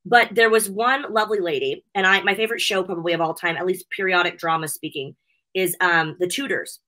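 Bright-voiced gushing woman guest. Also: fairly low pitch, steady tone, a little fast. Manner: gushing, emotional, laughs often. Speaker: interview guest, wrestling show host. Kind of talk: casual interview chat.

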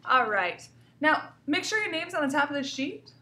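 A woman's voice: high-pitched, big pitch swings, normal speed, sharp tone, distant mic. A woman teacher giving a cheerful, encouraging grammar lesson to young children, speaking to them directly. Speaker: elementary school teacher. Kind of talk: recorded remote grammar lesson. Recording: echoey room, voice from off mic.

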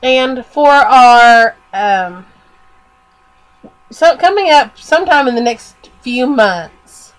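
A woman's voice: high-pitched, animated, slow. A woman co-hosting a podcast in casual chat, rambling with many fillers while she is losing her voice from a cold. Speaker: podcast co-host.

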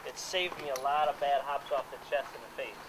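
A man teaching softball fielding technique to players at an outdoor clinic. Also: mid-range voice, a little fast. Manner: coaching players with hands-on instruction. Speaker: softball coach. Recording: noisy outdoor camera audio.

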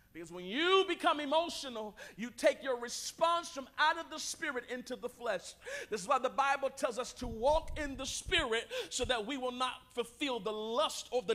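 A man with a very high voice preaching a sermon in a church sanctuary. He leads the congregation in call-and-response, teases them playfully, and builds to shouted, sing-song peaks. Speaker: pastor.

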